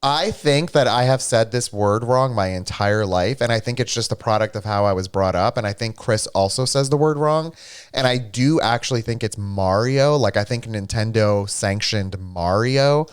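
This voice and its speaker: Young male streamer, smooth clear voice, animated, playfully argumentative banter. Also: lowish voice, normal speed. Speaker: livestream co-host. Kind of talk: casual gaming stream chat.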